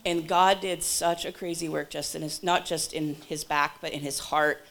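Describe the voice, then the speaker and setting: Woman, church testimony, animated and breathless, fairly low voice, then prayer. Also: slight background noise. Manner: animated, breathless storyteller with quick asides. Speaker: church member giving a testimony and leading prayer. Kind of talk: lively testimony storytelling, then spoken prayer. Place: church service before a congregation.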